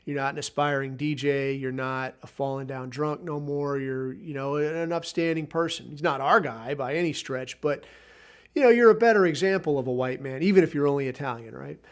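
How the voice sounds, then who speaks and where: A podcast host with a fairly high voice, speaking a little fast, tells a rambling story. His manner is casual, sardonic, and heavily profane.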